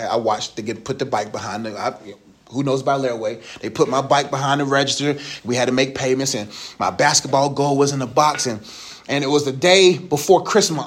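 A man in his thirties giving a casual, joking Bible lesson to a youth group. He uses slang and asks the group questions. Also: medium pitch.

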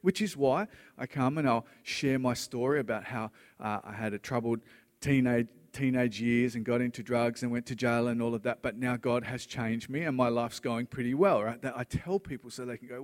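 A middle-aged pastor preaching a sermon, earnest and conversational, often checking in with "right?". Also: male voice, medium pitch, steady tone, moderate pace, big-room sound.

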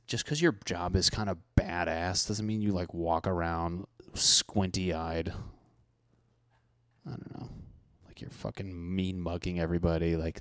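A man's voice: sits low, smooth, no room sound, studio quality. A man in his thirties in casual comedic chat, rambling and swearing, often acting out mock dialogue.

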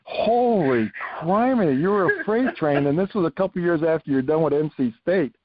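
A man's voice: a little high, fast, no echo, phone-quality sound. An older man, a retired coach, telling stories animatedly in a casual interview, repeating phrases for emphasis. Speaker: retired coach, podcast guest.

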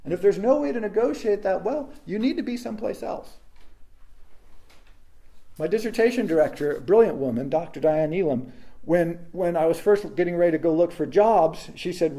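Animated high-voiced man, mellow tone. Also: moderate pace. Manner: animated storytelling, acts out quotes. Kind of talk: casual reflective talk.

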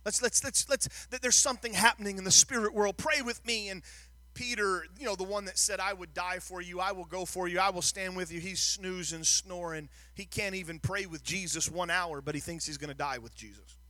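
A man's voice: high voice, fairly quick, bright, forceful tone, dry recording. A man preaching a sermon, telling the story with drama and rising to a sing-song, emphatic delivery, often repeating words as he builds. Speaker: pastor.

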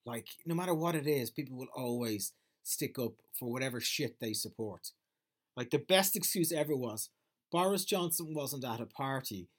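A man's voice: mid-range voice, animated, moderate pace. A man in a medium register chats casually as a podcast host, wandering from point to point. His talk is loose and sweary, full of fillers and half-finished restarts. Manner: rambling, sweary and chatty, with frequent fillers. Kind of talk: casual monologue.

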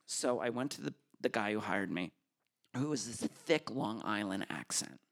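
Animated man telling a live story. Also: medium pitch, a little slow, gravelly, pauses often. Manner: animated and self-mocking, acting out the dialogue. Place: stage at a public hall.

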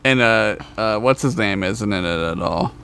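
A man co-hosting a podcast in casual chat, cracking crude jokes and reacting quickly. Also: fairly low pitch, vocal fry, a bit bright, smooth. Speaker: podcast co-host.

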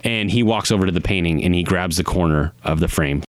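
A man's voice: deep voice, a little fast, no room sound. A man narrating a tabletop game as game master, in a casual storytelling manner. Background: music.

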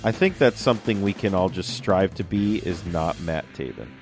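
A man's voice: low voice, lively intonation, moderate pace, music in the background. A young man co-hosting a casual podcast chat, rambling with lots of fillers. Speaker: podcast co-host.

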